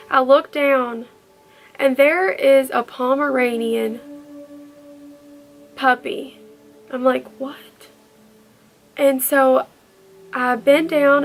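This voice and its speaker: A woman's voice: sits high, vocal fry. A woman telling a personal story in a vlog, earnest and heartfelt. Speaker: vlogger.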